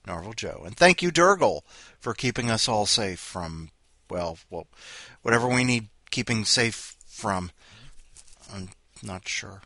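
Bright, rambling male podcast host. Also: on the low side, lively intonation, takes it slowly, pauses often, no room sound. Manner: rambling, jokey. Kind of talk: casual chat.

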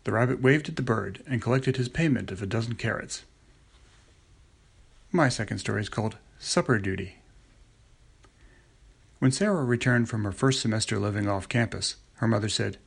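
A man reads his short stories in a plain, steady way. His voice is gravelly and husky, with a rough edge throughout. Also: on the low side, normal speed. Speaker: story contributor.

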